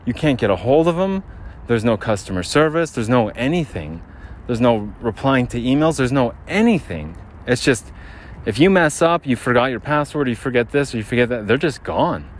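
Slightly winded on his walk, a man with a mid-range voice hosts his podcast as a casual, meandering monologue, frequently starting over mid-thought. He's outside on a city street beside a generator, with faint traffic and street noise in the background.

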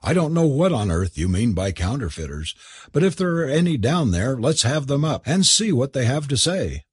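A man reading a novel aloud and voicing a prim, impatient young woman, with a husky voice. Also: medium pitch, very animated, moderate pace, dry recording, clean studio sound, pitched above the performer's own voice. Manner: indignant, prim exclamations. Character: young well-bred woman, sharp and impatient. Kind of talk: audiobook character voice.

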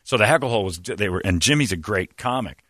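A man's voice: lowish voice, fast talker, no echo, clean studio sound. A man hosting a morning radio show, telling a long story in casual chat with many fillers. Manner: rambling, lots of "uh" fillers, animated retelling.

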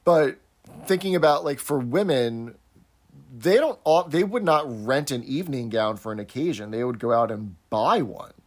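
A man's voice: mid-range voice, animated, normal speed. A man co-hosting a podcast, chatting casually and recapping scenes. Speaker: podcast co-host. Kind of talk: casual chat.

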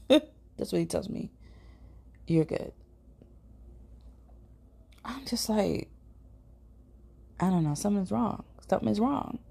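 A woman's voice: mid-range voice, animated, slow, gravelly, long pauses, warm tone, slightly rough. A woman with a St. hosting a podcast, telling a personal story in a chatty, casual way, swearing now and then and sometimes dropping to a whisper. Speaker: podcast host.

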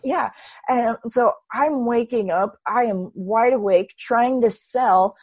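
A woman in her twenties, a guest telling her story in a casual, animated way and acting out her own past thoughts. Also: fairly high pitch, takes it slowly, breathy edge, dry recording. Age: 20s. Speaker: interview guest.

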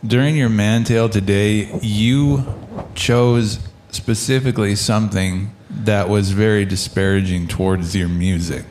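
A man co-hosting a podcast with a dry, deadpan delivery, pressing his partner with question after question. His voice is somewhat low, with faint background noise and clicks. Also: a little slow, few pauses. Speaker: podcast co-host. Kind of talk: casual comedic podcast banter.

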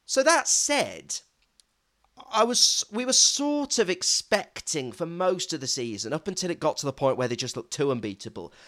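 Male podcast co-host, casual chat, emphatic and lively, voice sits a little high. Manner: animated, emphatic, self-mocking.

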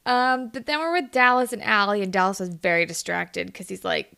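A woman's voice: on the high side, moderate pace, vocal fry, hardly any pauses, sharp tone, clear, resonant tone. A woman co-hosting a podcast, recapping a TV episode in casual chat, laughing often, swearing and acting out the characters' lines.

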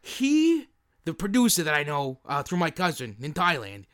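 A man playing a scheming male film producer in a comedy sketch, rambling and halting with lots of fillers. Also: fairly high pitch, wildly swooping pitch, a bit bright.

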